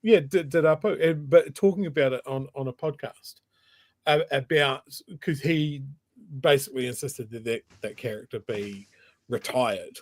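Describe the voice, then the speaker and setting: A man's voice: mid-range voice, moderate pace, a little mellow. A male co-host, telling a story in a casual chat with many restarts.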